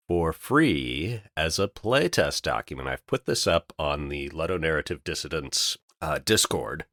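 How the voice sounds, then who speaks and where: Man, lowish voice, dry close sound, chatty and laughing. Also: no echo. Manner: animated, laughing banter. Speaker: podcast co-host. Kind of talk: casual podcast chat.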